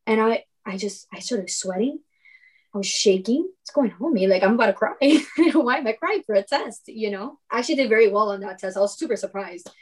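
A woman's voice: on the high side, expressive, a little fast, husky. A young adult woman telling stories in casual conversation as a podcast guest, laughing often and acting out quoted dialogue.

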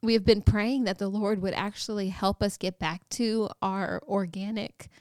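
A woman co-hosting a casual chat podcast, easygoing and quick to giggle. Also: mid-range voice, steady tone, darkish tone, no echo. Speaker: podcast co-host.

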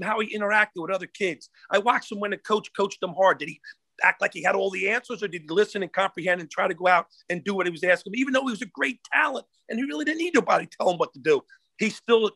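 A man's voice: sits high, fast talker, creaky, no room sound. A middle-aged man, a former college football coach, telling stories as a podcast guest and acting out the people he quotes. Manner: animated storyteller who acts out the people he quotes. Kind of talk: casual storytelling in a podcast interview.

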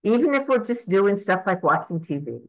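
A woman's voice: mid-range voice, very animated, moderate pace, rough recording. A woman in her eighties, earnest and reflective, speaking a prayer aloud to God and reflecting on it. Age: 80s. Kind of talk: spoken prayer and spiritual reflection.

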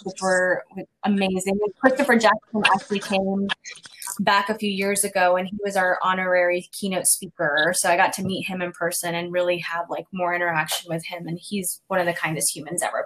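A woman's voice: lowish voice, steady tone, moderate pace, fairly bright tone, slight background noise. Chatty woman telling stories in interview. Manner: chatty storytelling, many "you know" fillers. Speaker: theater season programmer being interviewed. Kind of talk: casual interview.

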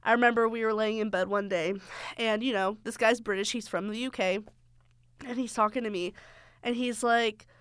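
A woman's voice: fairly high pitch, fairly even intonation, moderate pace, fairly bright tone, clean tone, no room sound. A young adult woman hosting a podcast, telling a personal story in a frank, sarcastic way and swearing freely. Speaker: podcast host. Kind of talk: candid storytelling monologue.

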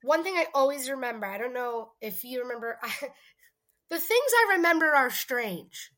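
A woman co-hosting a podcast in casual chat, talking fast and loosely, often slipping into quoted movie lines. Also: high-pitched, animated, pushed and bright. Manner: chatty, quotes movie lines in put-on voices. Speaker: podcast co-host.

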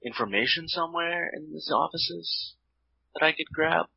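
A man's voice: a little high, moderate pace, creaky, breathy edge, dry recording. A man playing in a tabletop game, joking around and eager to cause trouble. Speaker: player. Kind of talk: casual tabletop game chat. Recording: dull lo-fi sound.

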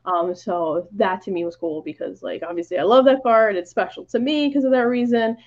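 A woman's voice: medium pitch, steady tone, brisk, darkish tone, muffled recording. A woman guest on a podcast, telling stories in casual chat, full of "like" fillers and acted-out quotes. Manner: chatty, many "like" fillers, acts out quoted lines.

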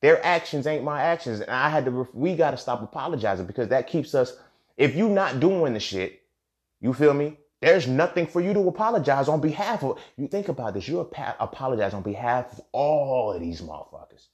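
A man's voice: medium pitch, expressive, a little fast. A young man hosting his own podcast, talking bluntly and with plenty of profanity. He repeats lines for emphasis and keeps checking in with "you feel me.". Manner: frequent "you feel me" asides. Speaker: podcast host. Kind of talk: candid solo podcast monologue.

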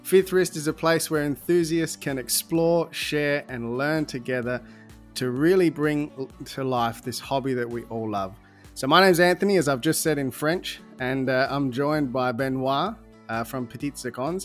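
A man's voice: mid-range voice, moderate pace, soft background music. A man hosting a casual podcast interview, chatty and upbeat, with frequent fillers and restarts. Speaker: podcast host.

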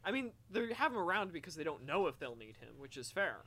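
A man chatting casually during a movie commentary, excitable, laughing often and tripping over repeated words. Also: on the high side, quick pace.

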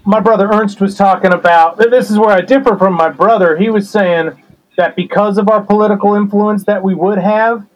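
A man's voice: high voice, fairly even intonation, a little fast, lo-fi sound, close to an everyday voice. A man playing a rambling, resentful black-sheep brother in an improvised comedy interview. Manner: rambling, grudging, aggrieved.

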